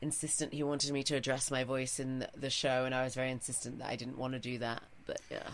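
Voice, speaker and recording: A woman's voice: a bass voice, little pitch movement, fast. A woman in her thirties with a posh English RP accent, a comedian doing stand-up and then chatting in an interview with a wry, self-mocking manner. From England. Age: 30s. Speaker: comedian, guest. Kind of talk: stand-up set, then casual interview chat.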